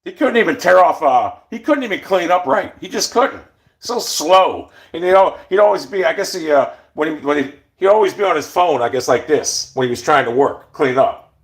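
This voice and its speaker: A man's voice: fairly high pitch, lively intonation, moderate pace. Blunt, profane man telling stories. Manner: blunt, profane, full of restarts. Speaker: storyteller. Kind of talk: casual rambling monologue.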